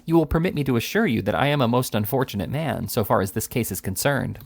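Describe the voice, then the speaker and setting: A man reading aloud and voicing an earnest, indignant elderly gentleman who speaks formally. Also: mid-range voice, animated, fast talker, vocal fry.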